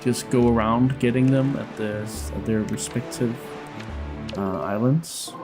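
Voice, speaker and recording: Casting: a slow-talking, gravelly man streaming a game, rambling and self-amused. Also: mid-range voice, rough recording. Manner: rambling, self-amused, stumbling over words. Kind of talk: casual gameplay commentary. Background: game music.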